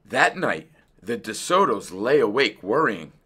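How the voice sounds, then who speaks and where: A man reading a children's picture book aloud in an expressive, unhurried storytelling voice. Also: medium pitch.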